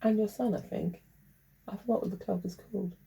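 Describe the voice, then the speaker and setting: A woman vlogger in a rambling casual monologue, chuckling often and bickering with herself, with a gravelly voice. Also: mid-range voice, fairly quick, dark tone.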